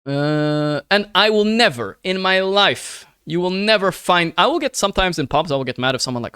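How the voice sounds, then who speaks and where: A man's voice: a little high, lively intonation, moderate pace, bright, forceful tone, clean tone, no echo. A man streaming live and ranting to his chat. He swears often, keeps asking "right?" and calls his listeners brother in an earnest, pleading way.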